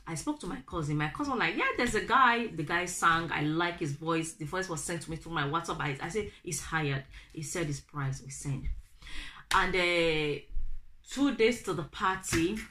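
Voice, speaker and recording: A young Nigerian woman with a Nigerian accent, telling a family story to her viewers, animated and acting out the people she quotes. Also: low-pitched, moderate pace. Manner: animated, acts out quoted family members in raised voices. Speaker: vlogger. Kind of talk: casual storytelling to camera.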